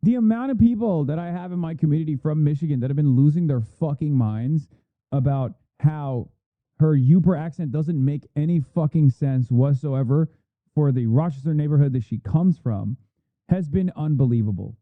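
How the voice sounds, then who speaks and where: A man's voice: fairly high pitch, moderate pace, dry recording. A man streaming live, commenting bluntly in a heated, profane way. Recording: phone-like thin audio, dry.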